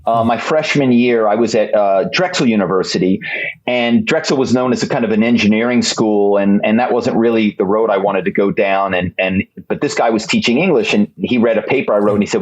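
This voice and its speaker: Animated male guest telling stories. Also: on the low side, fast, low-quality recording. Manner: animated storyteller, acts out phone calls in put-on voices. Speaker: guest author. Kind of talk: conversational podcast interview.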